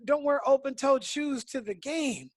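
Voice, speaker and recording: A relaxed man hosting a podcast, telling a story in casual conversation. His phrasing is unhurried and drawn out, and his voice sounds close and dry, with no room echo. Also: very high voice. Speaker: podcast host. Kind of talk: casual interview chat.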